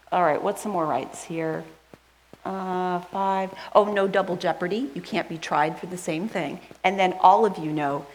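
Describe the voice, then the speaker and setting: A woman's voice: on the low side, a little hiss or hum, low-quality recording. Chatty woman preaching. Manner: chatty, asks the congregation questions; rushes through a list, skipping items. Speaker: pastor. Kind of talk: casual sermon. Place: church sanctuary.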